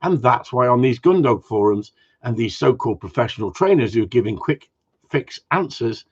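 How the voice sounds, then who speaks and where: A man's voice: mid-range voice, lively intonation, moderate pace, breathy edge. A man who trains gundogs, answering viewer questions in a blunt, rambling way with casual swearing. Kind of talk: casual Q and A chat. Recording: dull lo-fi sound.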